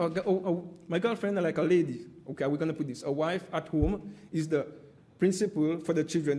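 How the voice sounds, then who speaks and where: A man's voice: fairly high pitch, warm tone. A man giving emphatic, impassioned testimony at an inquiry and repeatedly addressing the panel as "my friend". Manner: emphatic and repetitive, often says "my friend".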